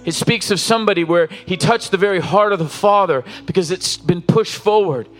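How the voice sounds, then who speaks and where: A man's voice: high-pitched, normal speed, a bit bright, soft background music. A man preaching a sermon as pastor, exhorting the congregation with repeated calls and rising, falling intensity. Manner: impassioned preaching with call-and-response exhortations.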